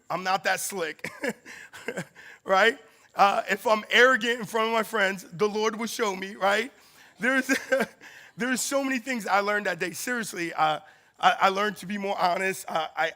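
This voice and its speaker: A man's voice: sits high, pushed and bright. A man giving a casual storytelling sermon to a campus group, laughing often and acting out the people in his story. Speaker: campus ministry speaker.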